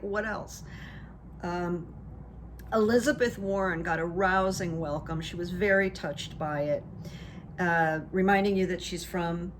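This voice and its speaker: Slow-talking, chatty middle-aged woman. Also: mid-range voice, slight background noise. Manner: animated storyteller, acts out what others said. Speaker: political commentary vlogger and hypnotherapist. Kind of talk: casual chatty recap.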